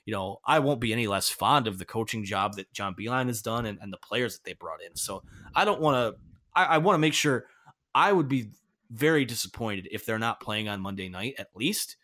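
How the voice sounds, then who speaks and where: A man's voice: fairly low pitch, lively intonation, fairly quick, bright, forceful tone. Earnest man hosting a sports chat. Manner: earnest, emphatic opinions. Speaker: podcast host. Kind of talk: casual sports talk.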